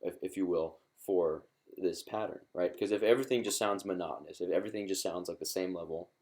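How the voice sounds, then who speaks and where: Low-voiced, chatty male ukulele teacher. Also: quick pace, darkish tone. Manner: encouraging, chatty, with many fillers and restarts. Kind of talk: live-streamed music lesson.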